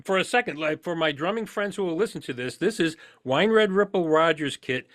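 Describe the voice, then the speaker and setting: A man hosting a podcast, chiming in eagerly with quick reactions and drum gear details. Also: a little high, lively intonation, fairly bright tone, dry recording, clean studio sound. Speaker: podcast host. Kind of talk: casual interview chat.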